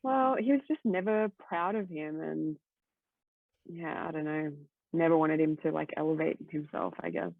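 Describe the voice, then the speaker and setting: Gravelly-voiced woman rambling with tons of likes, sounds like a phone line, super dry. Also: sits low, normal speed, no room sound. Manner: rambling, full of "like" fillers, swears freely. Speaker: guest co-host. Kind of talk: casual podcast chat.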